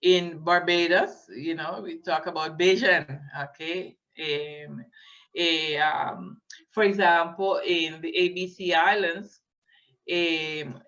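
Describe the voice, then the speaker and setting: A woman giving a lecture, hesitant and filling pauses, often checking in with her listeners. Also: on the low side, steady tone, a bit bright. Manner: hesitant, many fillers, checks in with "okay?". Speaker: linguistics lecturer. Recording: dull lo-fi recording.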